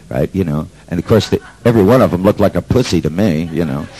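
A man's voice: deep voice, animated, quick pace, dark tone, slightly rough, poor audio. A man telling a story to an audience in a brash, sardonic way, swearing freely. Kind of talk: profane storytelling talk.

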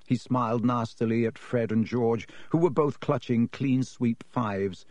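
Male audiobook narrator, expressive, dry close recording. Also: mid-range voice, normal speed, few pauses, dry recording. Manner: reads expressively, voices each character.

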